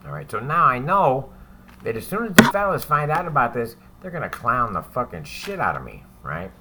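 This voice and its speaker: A man's voice: mid-range voice, very animated, normal speed, very noisy. A man telling a story about his time in prison in a casual, profane, rambling way, often adding "right?" as he goes.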